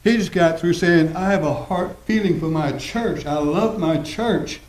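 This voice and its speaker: A man preaching a sermon as pastor, folksy and repetitive, slowing down to stress his points. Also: on the high side, a little mellow. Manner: folksy preaching, repeats phrases, slows for emphasis. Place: church sanctuary. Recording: roomy church echo.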